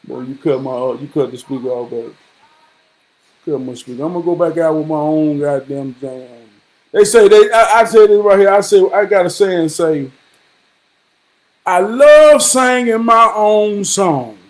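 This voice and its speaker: A man's voice: on the high side, normal speed, darkish tone. A man casually telling a story to his viewers in a rambling, repetitive and profane way, slipping into preachy advice. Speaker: vlogger.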